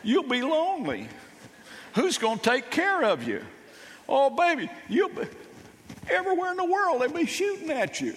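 A man's voice: very high voice, huge pitch swings, moderate pace, a bit bright, long reverb tail, pitched above the performer's own voice, exaggerated voice. A man voicing a doting, fretful mother who pleads with her son not to leave. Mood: pleading. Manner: wailing, pleading.

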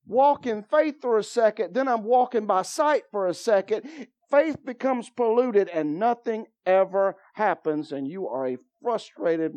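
A man's voice: sits high, muffled recording. A man preaching a sermon as pastor, emphatic and drawing responses from the congregation. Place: church.

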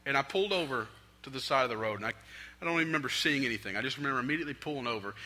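A young adult man preaching a sermon from a stage, swinging between loud appeals and hushed, prayerful lines. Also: medium pitch, lively intonation, rapid-fire. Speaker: pastor. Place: stage in a large hall. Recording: long hall reverb.

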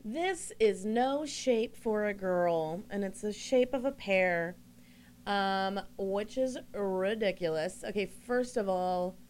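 A woman's voice: mid-range voice, takes it slowly, darkish tone, slight background noise. Playful enthusiastic woman co-host. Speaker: talk show co-host. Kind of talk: casual chat.

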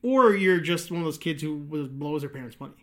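A young man co-hosting a casual podcast chat, opinionated and animated, swearing freely. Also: fairly high pitch, fairly quick. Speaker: podcast co-host.

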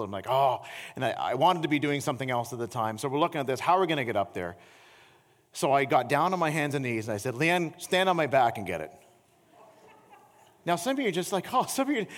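Middle-aged pastor preaching in a reverberant church. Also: male voice. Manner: animated storytelling, voice climbing high in anecdotes; slows and softens into earnest appeal. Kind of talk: sermon. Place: church sanctuary.

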